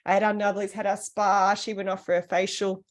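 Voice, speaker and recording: A woman, co-hosting a podcast and telling a personal story in a casual, animated way. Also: mid-range voice, a little fast. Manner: animated, acts out the voices of people in her stories. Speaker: podcast co-host.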